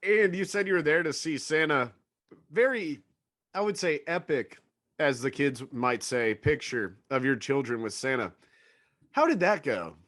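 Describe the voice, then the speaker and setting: A man co-hosting a podcast, asking questions in a relaxed, joking way. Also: fairly high pitch, measured pace, dry recording, studio quality. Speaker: podcast co-host. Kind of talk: casual podcast chat.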